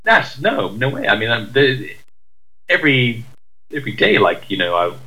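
A man's voice: medium pitch, big pitch swings, normal speed, bright, forceful tone, low-quality recording. A man from the UK, co-hosting a casual chat, rambling and self-deprecating with many fillers and restarts. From United Kingdom. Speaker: podcast co-host.

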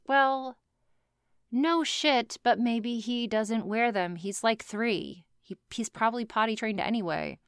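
A woman's voice: fairly high pitch, slow, clear, resonant tone, no room sound, clean studio sound. A woman reading a story aloud, breaking off to make sarcastic, swearing comments. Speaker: fan fiction reader.

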